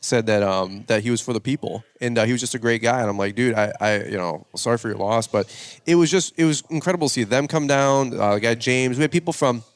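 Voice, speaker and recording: Male podcast host; casual, rambling, quick delivery with lots of restarts. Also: mid-range voice, no echo. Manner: rambling, many fillers and restarts. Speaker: podcast host and lawn care content creator.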